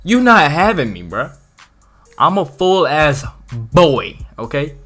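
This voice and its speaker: A man telling a wild story in a casual storytime vlog, slangy and profane, swinging from loud bursts to mutters. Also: a little high, sing-song, takes it slowly, soft background music.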